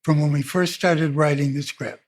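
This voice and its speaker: Brief: easygoing male storyteller, slightly higher pitch, audiobook reminiscence. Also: fairly even intonation, moderate pace. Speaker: filmmaker. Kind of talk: oral-history audiobook narration.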